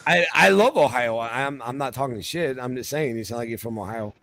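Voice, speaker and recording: A man's voice: mid-range voice, fairly quick, fairly bright tone. A man in his forties with a Philadelphia accent, chatting on a show in a blunt, rambling way and often restarting his words. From United States. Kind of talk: casual chat.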